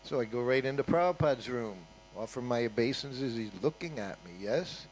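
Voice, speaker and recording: A man's voice: medium pitch, animated, normal speed, slight background noise, rough recording. An older man giving an informal storytelling talk at a temple, conversational and full of asides. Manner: conversational, with frequent "you know" and "huh?" asides. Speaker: guest speaker at a temple.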